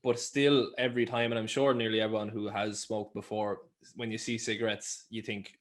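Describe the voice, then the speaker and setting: A young man with an Irish accent chats on a podcast, his words tumbling out quickly. His voice sits a little low, and he rambles and swears freely as he tells his stories. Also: level tone. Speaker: podcast co-host. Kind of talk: casual chat.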